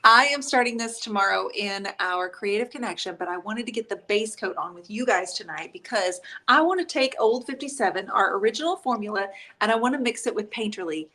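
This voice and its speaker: A woman's voice: mid-range voice, expressive, fairly quick, hardly any pauses, bright, forceful tone. Chatty woman hosting a painting livestream. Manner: chatty, upbeat, jokes with her husband. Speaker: host and paint instructor. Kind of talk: casual live-stream painting tutorial.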